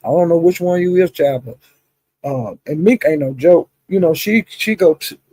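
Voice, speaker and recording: A woman's low, dark-toned voice comes through a streaming setup with no room sound as she offers animated gossip commentary on online drama at a moderate pace. Hosting the live stream, she greets viewers by name, addressing them as honey and child.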